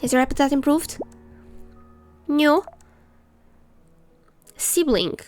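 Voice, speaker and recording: A woman's voice: high-pitched, takes it slowly, soft background music. A woman streamer chatting casually and ranting while she reads game text aloud. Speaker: let's play streamer.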